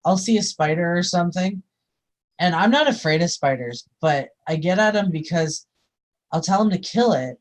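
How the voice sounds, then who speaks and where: A woman chatting casually as a guest, animated and quick to swear. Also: lowish voice. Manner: animated, swears when riled. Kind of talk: casual chat.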